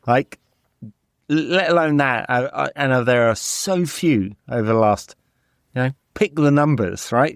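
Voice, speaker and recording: A man co-hosting a football podcast, animated, talking in bursts and tagging on "right?". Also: mid-range voice, dry recording, studio quality. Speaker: podcast co-host. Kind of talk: casual football chat.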